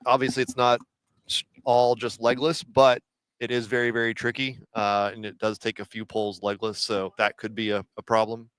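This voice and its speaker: A man's voice: mid-range voice, little pitch movement, moderate pace, fairly bright tone, clear, resonant tone, no echo. A man hosting a podcast, running through athletes and standings in casual commentary. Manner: runs through names and standings. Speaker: podcast host.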